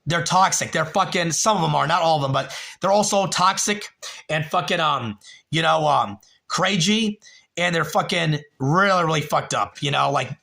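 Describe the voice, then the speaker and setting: A man's voice: on the high side, moderate pace, creaky, pushed and bright. A young man hosting a livestream, telling a long story in a rambling, profane way with many fillers, and a little tipsy. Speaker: livestream host.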